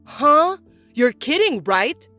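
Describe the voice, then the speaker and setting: A woman putting on a shrill, bossy mother-in-law. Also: sing-song, takes it slowly, bright, forceful tone, faint music behind, heavily acted. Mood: shocked. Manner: indignant, accusing, whiny. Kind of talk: dramatized story reading.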